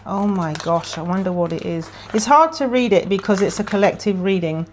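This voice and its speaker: A woman giving a casual tarot reading, talking straight to camera in a chatty, emotional way. She thinks aloud as she turns over cards, with a voice pitched in the middle range. A faint hiss sits under her speech. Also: fairly quick. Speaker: tarot reader.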